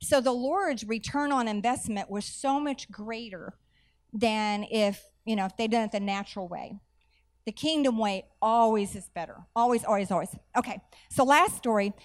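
A middle-aged woman, preaching a sermon through animated personal stories with folksy asides. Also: on the high side, normal speed. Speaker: church speaker.

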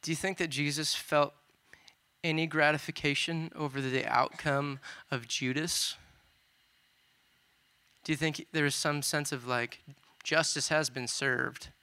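A man preaching a sermon with a very bright, crisp voice, pitched a little above most men. He retells scripture in a loose, conversational way, dropping in casual asides. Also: steady tone, a little slow.

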